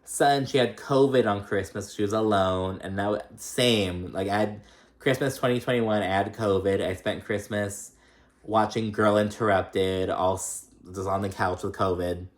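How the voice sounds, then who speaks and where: Young guy doing a reality show recap, swears a lot, laughs, does squeaky voices when quoting people. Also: steady tone, unhurried. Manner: chatty and profane, laughing often, mimicking cast members in a high voice.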